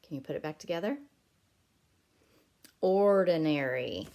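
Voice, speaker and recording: A woman teacher reading a picture book aloud to young children, gently stretching out words for them to guess. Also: lowish voice, animated, moderate pace, muffled recording. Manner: gentle, encouraging classroom tone.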